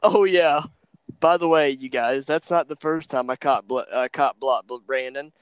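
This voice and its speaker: A young man with a smooth, clear voice at a middle pitch. He talks in a loose, casual way and often jokes about himself. The recording is close and dry. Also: moderate pace, dry recording. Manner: easygoing, self-mocking storyteller. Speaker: podcast guest. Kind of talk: casual chat.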